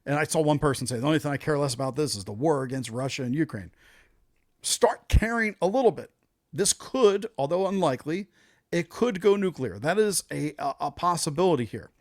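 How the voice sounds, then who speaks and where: A man hosts his own commentary show, talking in an emphatic, off-the-cuff way with plenty of fillers. His voice sits a little higher than most men's. The sound is close and dry, with no room echo. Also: expressive, fairly quick, a little mellow. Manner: conversational, emphatic, loose with fillers. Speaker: show host. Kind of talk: casual opinion commentary.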